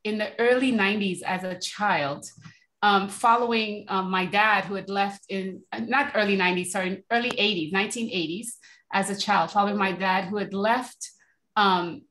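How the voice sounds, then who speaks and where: A woman born in Haiti, a professor speaking on an online panel, talking fast with many restarts and filler words over a video call. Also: mid-range voice, steady tone, fairly bright tone, poor audio.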